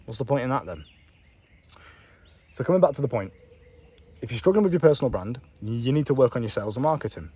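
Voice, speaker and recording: Fast-talking blunt, profane man. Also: medium pitch, lively intonation, a little mellow, husky. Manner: blunt and profane, talks straight at the listener with slang. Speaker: online business coach. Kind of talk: casual vlog monologue. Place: outdoors on a bench in a warm country.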